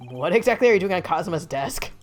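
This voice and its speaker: A woman's voice: lowish voice, animated, fast, a little mellow, close to an everyday voice. A woman voicing an earnest, flustered young man who talks politely and hesitantly.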